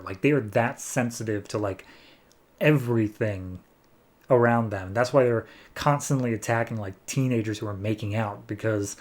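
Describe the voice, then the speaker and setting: A man's voice: mid-range voice, darkish tone. A man hosting a comic book podcast, retelling a story in a loose, rambling way full of "like". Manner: loose and rambling, heavy use of "like". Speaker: podcast host. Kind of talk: casual comic book recap.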